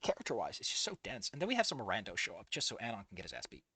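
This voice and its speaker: Exasperated swearing man with a bright voice. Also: on the low side, huge pitch swings, rapid-fire, husky, dry recording. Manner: profane, exasperated, swearing often. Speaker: fanfiction reviewer. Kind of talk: ranting commentary while reading a fanfic.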